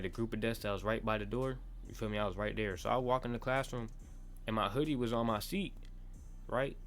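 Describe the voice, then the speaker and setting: A young male vlogger with a medium-pitched voice tells a personal story in a laid-back monologue. He leans on slang and curses, talks in loose run-on bursts that keep restarting, and checks in with the listener often.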